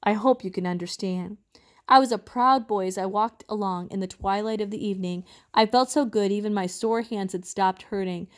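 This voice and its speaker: A woman reads a novel aloud in an expressive, measured storytelling voice. Her pitch sits in the middle range. She paces the story with care. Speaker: reader.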